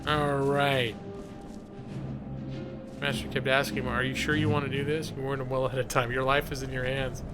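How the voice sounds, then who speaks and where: A man's voice: mid-range voice, little pitch movement, normal speed, long pauses, music in the background. A middle-aged man casually chatting through a live game stream, reading chat aloud and rambling. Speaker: gaming streamer.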